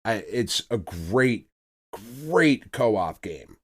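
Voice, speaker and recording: Profane, animated male podcast co-host. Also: fairly low pitch, extremely slow. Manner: loose, profane, laughing banter. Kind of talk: casual chat.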